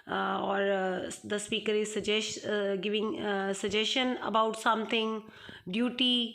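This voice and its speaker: A woman's voice: a little high, pushed and bright. A woman teaching a grammar lesson to students in a recorded online class. She hesitates often with fillers and repeats her points for emphasis. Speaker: English teacher. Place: home.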